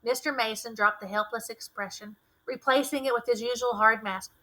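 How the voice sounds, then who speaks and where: Bright-voiced woman teacher reading aloud. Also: fairly high pitch, low-quality recording. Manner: clear, measured, expressive reading.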